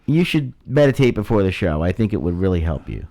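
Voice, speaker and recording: A man co-hosting a casual talk show who teases his partner with wry questions and quick interjections. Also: low voice, very animated, warm tone. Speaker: co-host.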